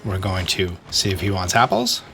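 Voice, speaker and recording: A man's voice: deep voice, very animated, normal speed, creaky, music in the background. A man hosting a game guide, explaining steps and growing exasperated as he talks to the creature on screen. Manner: instructive, repeats "okay?". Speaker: gaming guide host. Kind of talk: game commentary walkthrough.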